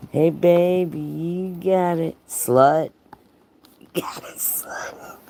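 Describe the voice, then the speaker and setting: Low-voiced, teasing, profane woman streamer. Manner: profane, teasing, laughs often, talks to chat by name. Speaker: livestream host. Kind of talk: livestream reading a racy story aloud with commentary.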